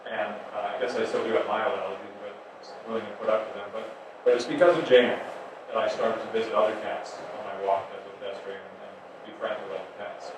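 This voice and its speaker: A man's voice: lowish voice, steady tone, a little fast, background noise. Wry middle-aged man in an echoey theater. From Delaware. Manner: wry, self-mocking asides. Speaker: solo stage performer. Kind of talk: personal storytelling monologue. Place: theater stage. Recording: echoey room from far off, music behind.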